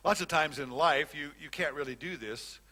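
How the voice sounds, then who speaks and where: A man's voice: on the high side, moderate pace, pushed and bright. An older man giving a conversational classroom lecture as a Bible teacher, often repeating and restarting phrases.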